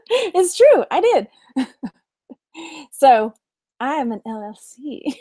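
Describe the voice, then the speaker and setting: A woman's voice: high-pitched, animated, a little slow, pauses often, no room sound, studio quality. A woman in her thirties with a Texan accent, chatting casually on a live stream, giggling often and reading viewer comments aloud. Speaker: vlog host, reseller.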